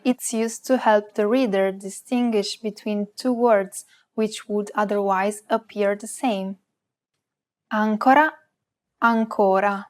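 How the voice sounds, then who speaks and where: A woman co-hosting a language lesson, reading example words with slow, careful pronunciation. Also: medium pitch, darkish tone. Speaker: co-host and native-speaker model.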